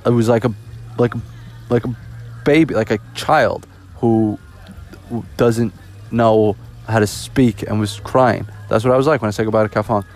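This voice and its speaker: A man's voice: fairly low pitch, steady tone, moderate pace, a little mellow. A young man from the US East Coast, hosting a casual solo podcast, rambling and joking with lots of restarts. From East Coast of the United States. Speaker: podcast host.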